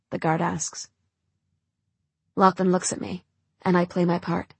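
A woman narrating a first-person audiobook in a measured, somber manner. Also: on the low side, little pitch movement, creaky, breathy edge, dry recording.

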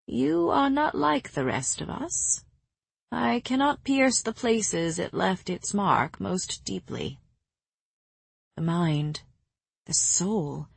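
A woman voicing an ancient female healer who speaks slowly with blunt, quiet firmness. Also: mid-range voice, expressive, creaky, breathy edge, dry recording, heavily acted. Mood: grave. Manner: slow, measured, quietly firm.

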